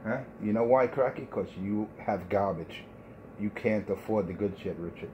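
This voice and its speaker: A man's voice: on the low side, normal speed, highs cut off, noisy background. A man trash-talking over the radio, taunting and repeating himself, with plenty of profanity. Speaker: CB radio talker.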